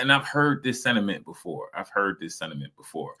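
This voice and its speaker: A man's voice: low voice, very animated, brisk, hardly any pauses, pushed and bright. Blunt, profane man ranting casually. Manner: blunt, profane, mocking, acts out quoted voices. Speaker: streamer reacting to videos. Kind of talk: casual reaction commentary.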